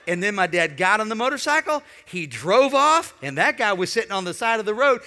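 A man preaching a sermon, emphatic and building to shouts, calling on the congregation to respond. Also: sits high, animated, moderate pace, few pauses, long reverb tail, some chatter behind, a little hiss or hum. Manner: calls on the congregation. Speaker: pastor.

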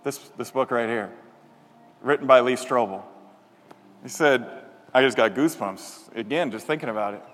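A man's voice: mid-range voice, moderate pace, long pauses. Man preaching in a reverberant hall. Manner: animated, acts out quoted voices. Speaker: pastor. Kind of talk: sermon with storytelling.

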